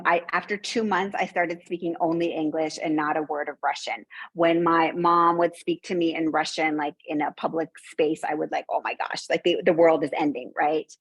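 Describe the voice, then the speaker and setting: A woman's voice: low-pitched, a bit bright, breathy edge, no room sound, poor audio. A woman from the Soviet Union, raised in the United States, with an American accent, speaking as a panelist in a conversational way and often tagging her points with "right?". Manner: conversational, frequent "right?" tag questions. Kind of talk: academic panel discussion.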